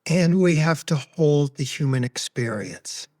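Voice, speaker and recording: A man talks about loss in a measured, heartfelt tone. He speaks slowly, letting each thought land. His voice is dry and close, with no room sound. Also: fairly high pitch, lively intonation, a little mellow, dry recording. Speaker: grief expert guest. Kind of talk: reflective personal storytelling.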